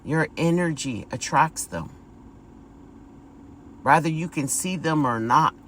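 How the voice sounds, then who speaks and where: A woman's voice: low voice, slow, slight background noise, poor audio. A woman giving a casual spiritual vlog monologue, talking emphatically, repeating words and calling her viewers y'all. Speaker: spiritual vlogger.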